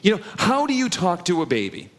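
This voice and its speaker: A middle-aged man delivers a sermon in an earnest, conversational way. His voice sits a little higher than most men's. He keeps turning to the congregation with rhetorical questions. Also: huge pitch swings, brisk, a bit bright. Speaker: pastor.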